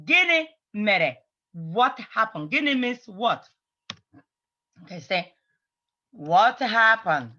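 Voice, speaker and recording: Slow, bright-voiced teacher. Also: mid-range voice, big pitch swings, highs cut off. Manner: patient, repeats phrases slowly for drilling. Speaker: language teacher. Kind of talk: online language lesson.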